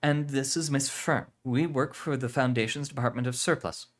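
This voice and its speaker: A man's voice: mid-range voice, fairly even intonation, moderate pace, voice pushed up, lightly acted. A man voicing a nervous man who hides it behind clipped, firm replies during a deal. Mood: firm bluff. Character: nervous man bluffing through a business deal.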